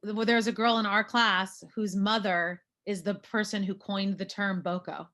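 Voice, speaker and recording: A woman's voice: medium pitch, little pitch movement, a little slow, bright, forceful tone. Chatty woman telling an anecdote. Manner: chatty, rambling, full of fillers and self-corrections. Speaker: former classmate, alumna. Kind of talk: casual storytelling conversation.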